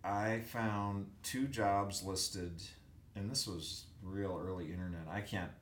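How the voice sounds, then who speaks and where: A man, a music professor, chatting as an interview guest and telling animated stories in which he acts out the people he met, recorded on a USB microphone in a hotel room. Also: lowish voice, slow pace. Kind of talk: casual storytelling interview. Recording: echoey hotel room, faint air-conditioner hum.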